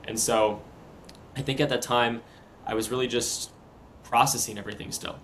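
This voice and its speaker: A man's voice: medium pitch, steady tone, fairly bright tone, a little hiss or hum, low-quality recording. Earnest young man telling his story. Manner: earnest, halting, retelling step by step. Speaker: podcast guest. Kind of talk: casual interview storytelling.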